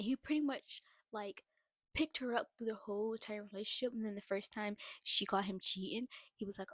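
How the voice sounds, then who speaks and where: A young adult woman recaps a film to her viewers in a loose, slangy, animated way and laughs often. Her voice sits at an ordinary middle pitch. The sound is dry and close, with no room echo. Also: a little fast. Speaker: movie reaction vlogger. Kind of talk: casual movie recap.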